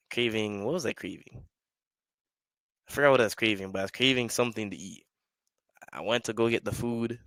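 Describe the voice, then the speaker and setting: A man's voice: on the low side, no echo. Slangy young man rambling through stories. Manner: slangy, rambling, animated storyteller; acts out quoted voices in the stories. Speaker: podcast host. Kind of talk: casual solo storytelling.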